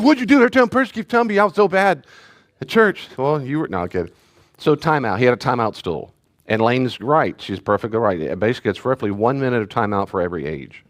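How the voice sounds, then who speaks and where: A male pastor giving a conversational teaching talk with animated storytelling, often laughing and acting out what people said. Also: mid-range voice.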